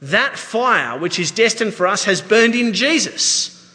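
Bright Australian preacher in a reverberant hall. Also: male voice, high-pitched, unhurried. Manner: conversational, animated preaching with asides. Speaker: pastor. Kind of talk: sermon.

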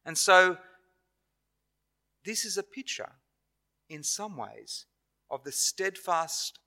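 Aussie guy giving a sermon in church, higher-ish voice, careful and earnest, stops and fixes his words. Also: sharp tone. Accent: Australian. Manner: earnest, measured preaching with frequent pauses and self-corrections. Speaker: preacher.

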